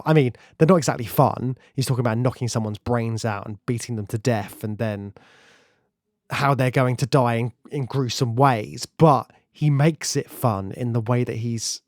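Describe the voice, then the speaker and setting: Man, podcast co-host, enthusiastic film chat, middle pitch, dry close recording. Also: moderate pace, a little mellow, no echo. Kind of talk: casual film discussion.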